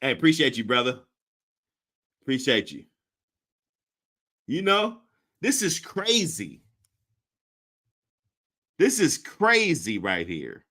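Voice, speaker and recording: A man reacting to a clip in crude, profane commentary. His voice is bright and rides up and down, and he takes his time. His pitch sits a little high. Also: huge pitch swings, slow pace, long pauses. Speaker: host.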